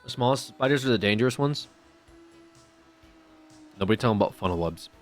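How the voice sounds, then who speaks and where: A man's voice: fairly low pitch, expressive, a little fast, soft background music. A man streaming live, chatting casually and rambling with profane jokes to his chat.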